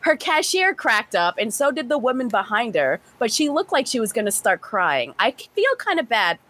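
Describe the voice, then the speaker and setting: A woman podcast host reading a story aloud and chatting, animated and swearing casually. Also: on the high side, moderate pace.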